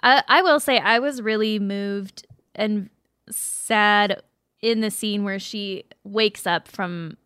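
A woman's voice: medium pitch, slow, fairly bright tone, smooth, no room sound, clean studio sound. A woman co-hosting a podcast in casual chat, talking earnestly and laughing often. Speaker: podcast co-host.

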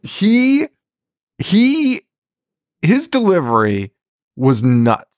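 A man's voice: sits high, huge pitch swings, extremely slow, no room sound, clean studio sound. A man co-hosting a horror movie podcast in casual chat, laughing often and swearing as he rants. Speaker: podcast co-host.

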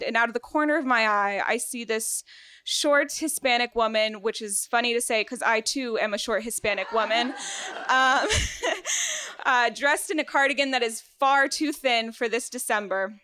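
Bright-voiced young woman telling a story. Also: fairly high pitch, moderate pace, smooth. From Venezuela, raised in South Florida. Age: 20s. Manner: lively and self-deprecating, laughs often. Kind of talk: live first-person storytelling on stage. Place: theater stage, live event.

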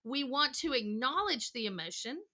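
Speaking at a moderate pace in a high-pitched voice, this middle-aged woman is a counselor being interviewed as a podcast guest. She's animated and energetic, slipping into acted voices while telling her stories.

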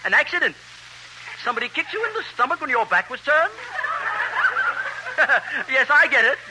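A man's voice: extremely high pitch, lively intonation, normal speed, noisy background. A man clowning through a 1930s radio comedy sketch in mock-British banter. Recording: old 1930s radio broadcast.

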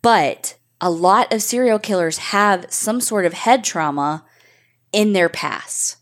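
A woman's voice: mid-range voice, takes it slowly. A woman co-hosting a podcast, telling a true-crime story in a chatty, frank way with casual swearing. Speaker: podcast co-host.

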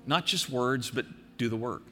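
Older male pastor, earnest exhorting sermon delivery, mid pitch, big reverberant church hall sound. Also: soft background music. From American Midwest. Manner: earnest, exhorting, slows and softens for emphasis.

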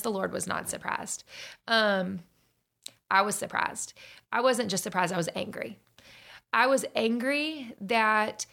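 Gravelly-voiced woman telling her story. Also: mid-range voice. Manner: earnest, animated, acts out dialogue. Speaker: storyteller sharing a faith testimony. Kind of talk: personal testimony, casual storytelling.

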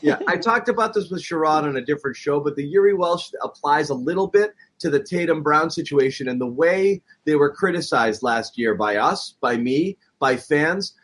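A middle-aged man chats about sports on a podcast in a husky, slightly higher voice. He tells stories with energy and acts out the quotes he retells. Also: normal speed, hardly any pauses. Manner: animated storyteller, acts out quotes. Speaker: podcast co-host. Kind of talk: casual sports chat.

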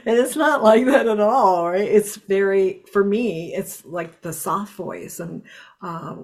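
Female podcast host, warm-toned interviewer, sums up the guest's points. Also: medium pitch, takes it slowly. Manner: affirming, sums up the guest's words. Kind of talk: reflective interview talk.

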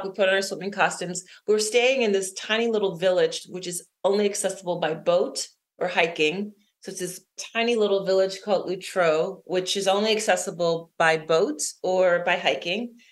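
This middle-aged woman is an author appearing as an interview guest. Speaking at a medium pitch, she tells a personal story in conversation, lively and quick to laugh.

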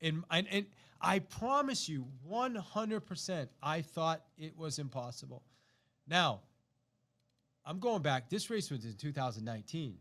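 A man's voice: on the high side, unhurried. A middle-aged man, a podcast host, telling a personal story to listeners and acting out the quotes. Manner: animated, acts out quotes, repeats himself.

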